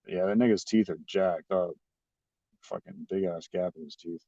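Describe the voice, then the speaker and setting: A man's voice: low-pitched, level tone, brisk, mellow, dry recording. A man talking casually to his livestream chat, rambling and mocking with lots of swearing. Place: at a restaurant. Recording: dry, slightly dull audio.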